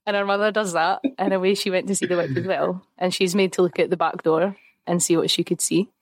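Young woman, podcast co-host, giggly storyteller with a lowish voice, dry close recording. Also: steady tone, a little fast, no echo. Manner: laughs often, retells a folktale with playful asides. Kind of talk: casual storytelling chat.

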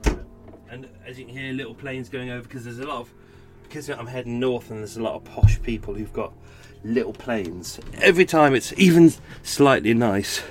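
A man's voice: mid-range voice, normal speed, soft background music. Tired man chatting. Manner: rambling, self-correcting, chatty. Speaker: podcast host. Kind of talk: casual chat. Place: at home indoors.

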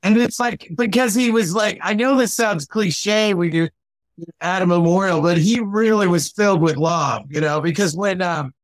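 A man's voice: high-pitched, moderate pace, no room sound. A man, a comedian guest on a podcast, chatting casually with a rambling, laugh-prone manner. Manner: laughs often, rambling with fillers. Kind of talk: casual chat.

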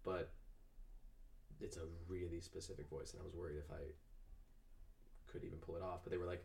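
A young man from Georgia, an actor guest, telling an animated story with many likes and asides. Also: low voice, fairly quick, gravelly, pauses often, recorded from a distance. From Georgia, USA. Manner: animated, chatty, lots of "like". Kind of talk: casual storytelling.

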